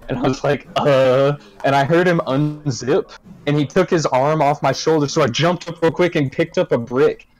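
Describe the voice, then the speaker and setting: A man's voice: fairly high pitch, normal speed, a little mellow, rough recording. A young man from the United States casually telling a long story to friends on a podcast, rambling and laid-back with many fillers. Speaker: podcast co-host.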